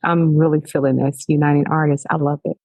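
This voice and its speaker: Woman guest, lowish voice, measured and sincere, dry studio sound. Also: flat delivery, darkish tone, no echo. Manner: earnest, measured and encouraging. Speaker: hairstylist guest. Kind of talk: casual interview chat.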